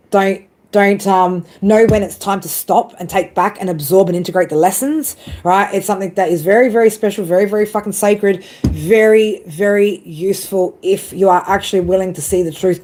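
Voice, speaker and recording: A woman chatting casually on a live stream, telling a story with lots of swearing and lively asides. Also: medium pitch, a little fast, slight background noise. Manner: swears a lot, animated storytelling. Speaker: tarot reader.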